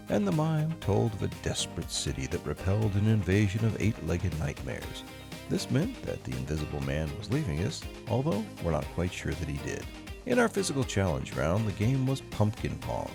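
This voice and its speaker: A man's voice: low voice, vocal fry. A young man hosting a comedy game show in a showy announcer style. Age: young adult. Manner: showy, swooping announcer delivery.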